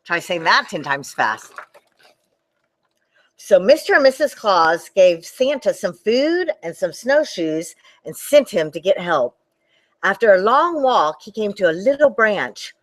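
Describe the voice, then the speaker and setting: A woman librarian reading a picture book aloud to children, animated and talking to them directly. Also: mid-range voice, unhurried. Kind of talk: children's storytime read-aloud.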